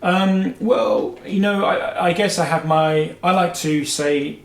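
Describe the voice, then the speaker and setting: A man on the high side takes his time but hardly pauses as he hosts a guitar show and answers viewer questions. His casual talk wanders, filled with "you know"s and self-corrections, over a roomy echo and faint music.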